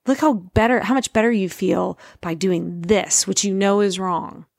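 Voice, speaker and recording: Earnest woman with a gravelly edge. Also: medium pitch, no echo, studio quality. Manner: earnest, conversational, slows to stress points. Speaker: Christian speaker, parent. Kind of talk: informal faith talk.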